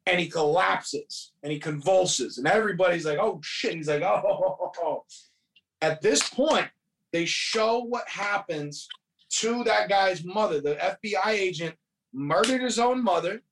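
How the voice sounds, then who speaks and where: Man with a high voice, cursing through a story. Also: a little slow, vocal fry, fairly bright tone, far from the mic, slight background noise. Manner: profane, rambling storytelling with quoted voices. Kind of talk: casual movie recap chat.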